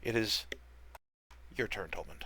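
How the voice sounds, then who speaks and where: A man's voice: fairly low pitch, unhurried, pushed and bright, dry recording. A man running a tabletop role-playing game as game master, narrating the scene to his players in a loose, conversational way with frequent restarts.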